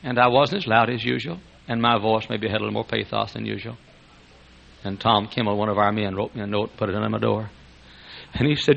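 An older man preaching a sermon, telling folksy stories, chuckling often and rising to loud exclamations. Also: fairly low pitch, a little fast, vocal fry. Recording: dull lo-fi sermon recording.

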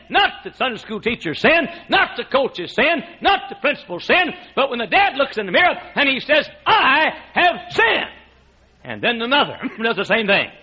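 High, lively-voiced preacher, husky. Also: male voice. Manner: emphatic preaching with frequent laughter from the room. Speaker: pastor. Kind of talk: sermon. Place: church sanctuary. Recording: muffled lo-fi sermon recording.

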